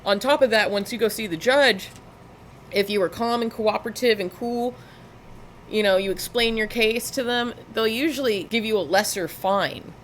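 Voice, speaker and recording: A woman's voice: fairly high pitch, normal speed, slight background noise. A woman giving sarcastic, lecturing reaction commentary over police footage.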